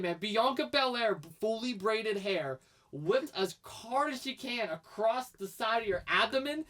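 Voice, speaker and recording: A man's voice: high voice, lively intonation, normal speed, pushed and bright. A man co-hosting a casual podcast chat, opinionated and rambling, laughing often as he talks. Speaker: podcast co-host.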